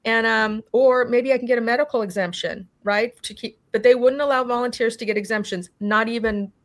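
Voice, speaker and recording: Animated woman telling her own story. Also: a little high, brisk. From California. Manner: animated storytelling, acting out quoted dialogue; frequent restarts and "you know". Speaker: interview guest. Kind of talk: personal testimony in a conversation.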